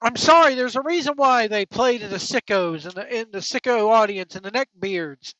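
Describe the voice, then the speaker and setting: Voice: medium pitch, moderate pace, bright, forceful tone, dry recording. A wrestling podcast host on an angry, profane opinion rant, blunt and heated. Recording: dull lo-fi dry recording.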